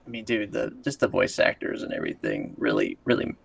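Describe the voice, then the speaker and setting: Gravelly man chatting casually on a podcast. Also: huge pitch swings, brisk. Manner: laughs often, acts out quoted lines in a higher voice. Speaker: podcast co-host. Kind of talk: casual chat.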